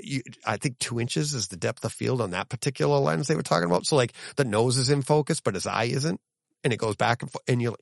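A man co-hosts a podcast, chatting casually and telling stories in an animated way, full of laughs and restarts. His voice sits in the mid range with some vocal fry, and the recording is dry and studio quality.

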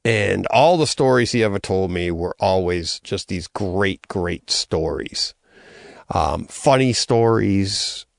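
A middle-aged man with a low, gravelly voice tells a story from his life. He talks casually, with plenty of "um"s and restarts, and the sound is dry and close. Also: animated, slow pace, dry recording. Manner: conversational, with many fillers and restarts. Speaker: interview guest.

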